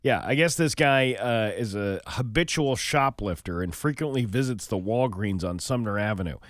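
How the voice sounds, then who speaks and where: A man's voice: lowish voice, lively intonation, normal speed, dry recording, clean studio sound. A man hosting a comedic talk show, reading odd local news items and joking about them. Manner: jokey, breaks into mock-outraged rants and silly voices. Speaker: radio show host reading news stories.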